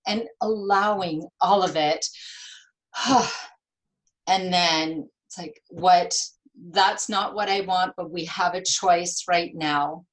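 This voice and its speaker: A woman's voice: lowish voice, low-quality recording. A woman in her fifties, a nurse and author, speaking earnestly as an interview guest and acting out the things people say. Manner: earnest, expressive, acts out quoted dialogue. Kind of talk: interview conversation.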